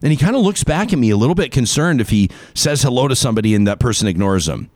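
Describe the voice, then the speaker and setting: A male talk show host who rambles and jokes at his own expense. His voice swings widely in pitch as he chats. The sound is close and dry, with no room around it. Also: sing-song, quick pace, a little mellow, dry recording. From Canada. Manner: rambling, self-deprecating, jokey. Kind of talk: casual on-air banter.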